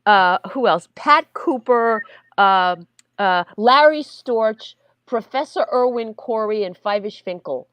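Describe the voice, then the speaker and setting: A woman's voice: fairly high pitch, expressive, slow, clean tone, dry recording, highs cut off. A woman comedian chatting with hosts on a video call. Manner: chatty, laughs easily. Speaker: comedian guest. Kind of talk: casual video-call chat.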